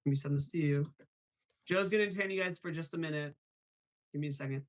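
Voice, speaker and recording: A man hosting a live stream in a casual, chatty way, apologetic and quick to laugh. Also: fairly high pitch.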